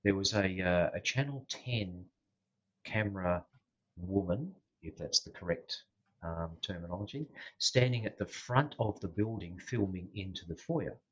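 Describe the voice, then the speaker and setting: An Australian man, a former police officer, telling a story in a casual interview, unhurried and full of fillers and restarts. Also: deep voice, expressive, fairly bright tone, breathy edge, dry recording, highs cut off.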